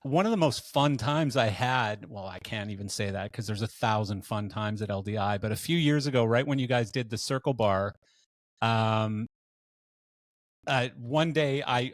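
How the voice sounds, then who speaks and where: A man's voice: mid-range voice, no echo. A Canadian man hosting a podcast interview, telling long stories in a casual, rambling way full of fillers and restarts. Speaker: podcast host.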